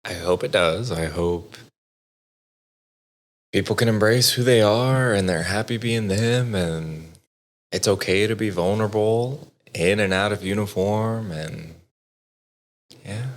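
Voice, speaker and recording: A man speaking as an interview guest, calm and soothing. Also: fairly low pitch, takes it slowly, pauses often. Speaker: interview guest, military veteran. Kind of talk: casual interview talk.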